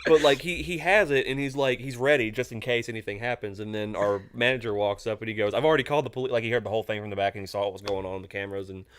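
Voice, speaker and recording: A young man co-hosting a casual chat, telling work stories in an animated way and laughing often. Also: on the low side, fast, hardly any pauses, clean tone. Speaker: podcast co-host.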